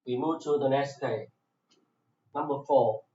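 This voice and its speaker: A man with a Vietnamese accent, a native Vietnamese speaker teaching an English class, going very slowly and saying each word several times over. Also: medium pitch, warm tone, a little hiss or hum. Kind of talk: slow classroom explanation. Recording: echoey room, dull lo-fi sound.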